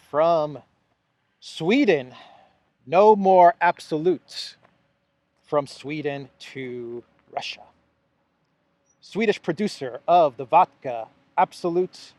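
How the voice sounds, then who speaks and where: A man's voice: fairly high pitch, no echo. Sarcastic man with a dry close sound. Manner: sarcastic, mock-enthusiastic, repeats phrases. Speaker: host of a news commentary channel. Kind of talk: solo political commentary.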